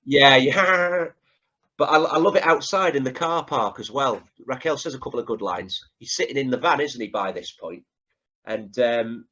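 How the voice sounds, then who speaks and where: A man's voice: medium pitch, lively intonation, moderate pace, sharp tone, lo-fi sound. A man co-hosting a podcast in casual chat, chatty and fond of tag questions as he retells scenes. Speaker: podcast co-host.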